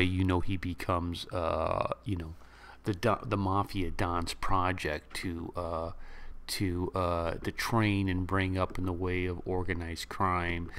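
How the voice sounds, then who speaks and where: A man recapping and reviewing a movie in a rambling, excitable way, acting out lines from the scenes. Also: sits low, slow. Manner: excitable, rambling retelling with laughs and quoted lines.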